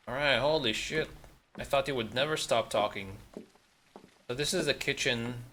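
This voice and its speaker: A man's voice: medium pitch, normal speed, pauses often, bright, forceful tone, a little hiss or hum. A man streaming a game, giving casual, blunt and sarcastic commentary, with some swearing. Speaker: gaming streamer.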